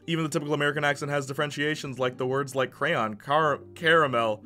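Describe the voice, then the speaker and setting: A man streaming casually, reading chat messages aloud and reacting with quick laughs. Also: medium pitch, sharp tone, faint music behind.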